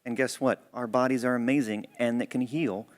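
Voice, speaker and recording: A man's voice: mid-range voice, fairly even intonation, brisk. Earnest man telling a church story. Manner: conversational, earnest. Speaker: church speaker. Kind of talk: sermon storytelling.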